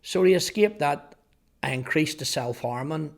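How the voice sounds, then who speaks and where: A man in his fifties with a Northern Irish accent, earnestly telling his life testimony, halting at times over repeated words. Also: fairly high pitch, expressive, gravelly. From Northern Ireland. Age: 50s. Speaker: testimony speaker. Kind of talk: personal testimony storytelling.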